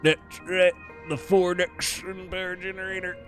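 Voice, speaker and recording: A man voicing a gruff rural male truck-ad announcer with a folksy drawl and a booming hard-sell pitch. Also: flat delivery, unhurried, soft background music. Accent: rural country drawl.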